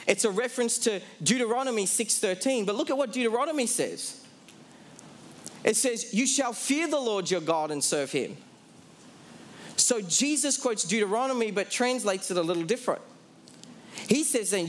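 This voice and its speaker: Emphatic high-voiced male preacher. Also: slight background noise. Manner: emphatic preaching, slows down for key phrases; asks the audience questions, then answers them. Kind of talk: sermon.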